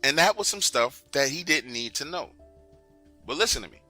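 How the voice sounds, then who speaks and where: A man's voice: fairly high pitch, animated, normal speed, pushed and bright, faint music behind. A man narrating a true story in an emphatic, conversational way, often urging the listener to pay attention.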